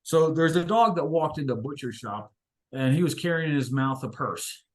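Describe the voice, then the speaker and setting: Slightly high-pitched and animated, this man talks at a moderate pace while guiding an inspirational discussion. His storytelling is thoughtful but halting, packed with fillers.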